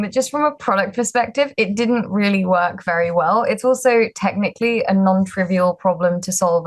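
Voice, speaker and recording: A young woman from the UK, a startup founder telling her story in a candid, self-deprecating way, with many fillers and restarts. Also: mid-range voice. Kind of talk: casual storytelling talk.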